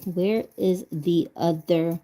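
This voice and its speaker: A woman's voice: fairly low pitch, fairly even intonation, slow, dark tone. A woman vlogger chatting casually as she crafts, laughing often and talking to herself while she recovers from a stroke. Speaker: doll vlogger.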